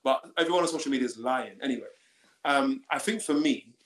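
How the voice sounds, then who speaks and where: A man's voice: mid-range voice, a little fast. A man chatting playfully as a podcast guest about marriage. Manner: playful, joking. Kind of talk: casual conversation. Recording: roomy echo.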